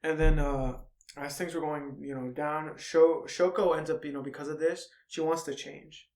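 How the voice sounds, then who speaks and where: Excitable man retelling a film. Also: on the high side, moderate pace, roomy sound. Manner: retells film scenes animatedly, acting out characters' lines. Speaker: podcast co-host. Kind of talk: casual chat.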